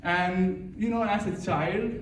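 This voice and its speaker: A man's voice: sits high, slow pace. A young man from India, doing a chatty, self-mocking stand-up set at an office Christmas party and laughing at his own jokes. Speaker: stand-up comedian at a work party. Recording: echoey room, distant mic, noisy.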